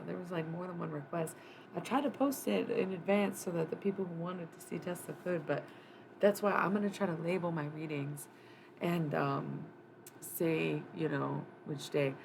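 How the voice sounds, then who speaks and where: Low, gravelly woman rambling on a live stream. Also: background noise. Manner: rambling, loose and profane, thinking aloud with many fillers. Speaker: live streamer giving a psychic reading. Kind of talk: casual live-stream chat.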